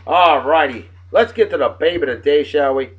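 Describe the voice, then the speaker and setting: A man's voice: a little high, moderate pace, slightly rough, lo-fi sound. A man hosting a casual home show, reading movie trivia aloud with offhand wry asides. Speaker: host.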